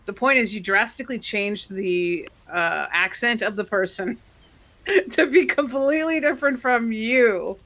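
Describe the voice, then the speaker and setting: A woman teasing the streamer with short, quick quips. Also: on the high side, a bit bright.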